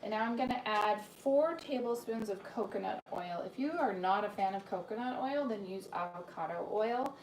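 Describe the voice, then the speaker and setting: A woman hosts a live cooking demonstration from her home kitchen, chatting easily and greeting viewers by name between steps. She often trails off and restarts her sentences. The room is echoey, with steady noise behind her. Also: medium pitch, normal speed, hardly any pauses, distant mic. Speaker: cooking demo host and cookbook author.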